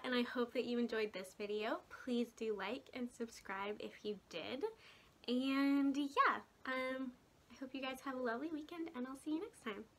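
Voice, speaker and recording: A woman's voice: fairly high pitch, pushed and bright. A young woman vlogger chatting casually to camera, rambling a little and laughing often. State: hiccuping.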